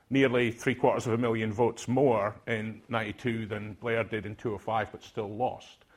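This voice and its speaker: A man's voice: mid-range voice, breathy edge. An older man from Aberdeen with a Scottish accent, speaking to a conference audience in a reflective, hesitant way with many fillers. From Aberdeen, Scotland.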